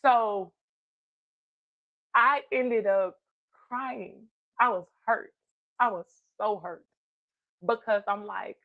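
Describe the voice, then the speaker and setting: A woman's voice: mid-range voice, very slow, long pauses, dry recording, narrow, tinny audio. A woman giving a heartfelt personal testimony, earnest and encouraging as she tells a story. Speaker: guest speaker.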